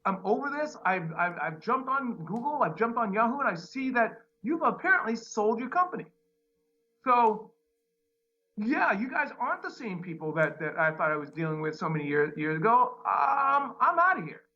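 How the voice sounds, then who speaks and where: A man's voice: sits high, moderate pace. A man telling a long, exasperated story about a customer service runaround, full of restarts and retold dialogue. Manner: animated, exasperated retelling with many restarts. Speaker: podcast host. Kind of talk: casual ranting story. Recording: dull lo-fi sound.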